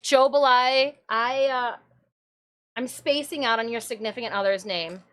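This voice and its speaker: Giggly, high-voiced woman streamer. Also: a little slow, clear, resonant tone. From Michigan, USA. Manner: giggly, excitable storyteller, often breaking into laughter. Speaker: streamer and cosplayer. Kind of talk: casual live-stream chat.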